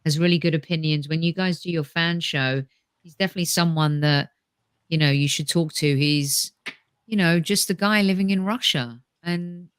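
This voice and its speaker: A woman's voice: low-pitched, steady tone, normal speed, clean tone, no echo. Rambling woman podcast guest. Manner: chatty, rambling with restarts and fillers. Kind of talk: casual chat.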